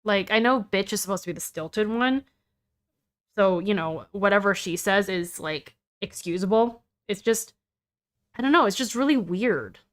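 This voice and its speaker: A woman chatting casually in reaction to a story, talking in a rambling way full of "like" and softening her opinions. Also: mid-range voice, expressive, moderate pace.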